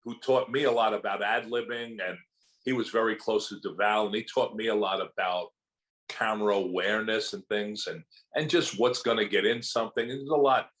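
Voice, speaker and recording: A man's voice: lowish voice, fairly quick, rough recording. Older man telling showbiz stories. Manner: animated anecdotes, acting out quotes from others. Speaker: actor and interview guest. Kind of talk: storytelling in a casual interview.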